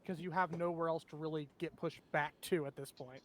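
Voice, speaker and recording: A man's voice: fairly high pitch, steady tone, a little fast, a bit bright, a little hiss or hum. A man running a tabletop game as game master, describing the action and explaining the rules to his players.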